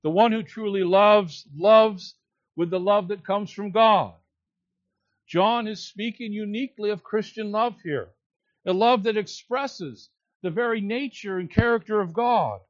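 Emphatic preacher man, slow and high. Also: no echo, dull audio. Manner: emphatic, deliberate preaching with stressed repetitions. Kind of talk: expository sermon.

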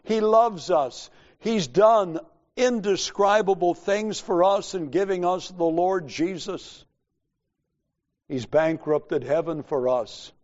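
A man preaching a sermon in a slow, measured, emphatic way, pausing deliberately between phrases. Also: on the high side, a little mellow, muffled recording.

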